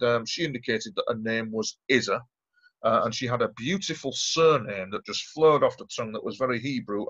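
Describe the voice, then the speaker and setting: A man talks earnestly as an interview guest, circling back and repeating his points. His voice sits at an ordinary pitch for a man. The recording sounds dull and lo-fi. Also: bright, forceful tone. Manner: earnest, rambling, repeats himself. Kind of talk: interview storytelling.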